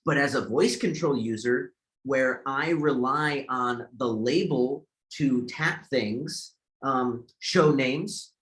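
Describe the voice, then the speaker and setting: A man's voice: mid-range voice, slow pace, a bit bright. A man giving a screen-share tutorial as an accessibility instructor, explaining step by step with many fillers and tag questions.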